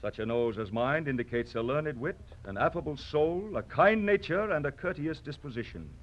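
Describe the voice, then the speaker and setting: A man's voice: a little high, animated, normal speed, muffled recording, lightly acted. An actor playing a proud, mocking poet swordsman with a huge nose, declaiming in theatrical old radio-drama style. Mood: indignant. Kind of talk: vintage radio drama acting.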